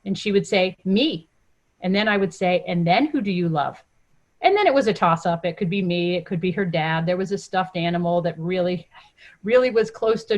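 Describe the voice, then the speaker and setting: A woman guest on a podcast, chatting casually and telling stories with lively acted-out quotes. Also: medium pitch. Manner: animated storytelling, acts out quoted voices. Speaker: podcast guest, mom coach. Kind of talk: casual interview chat.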